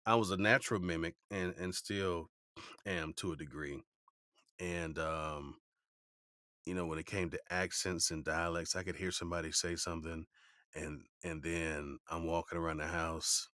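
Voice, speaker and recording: A male voice actor telling stories in a relaxed interview, animated, slipping into playful voices for quotes. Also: low-pitched, normal speed, dry recording, studio quality. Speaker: voice actor guest.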